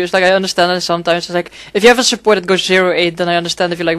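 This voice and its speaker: A man narrating his own gameplay in a loose, rambling way, swearing freely and padding his sentences with fillers. His voice is smooth and clean, but his pitch stays fairly level, with little rise and fall. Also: fairly even intonation, very fast, fairly bright tone, no echo. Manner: rambling, profane, frequent fillers. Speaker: gaming commentator. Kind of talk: casual gameplay commentary.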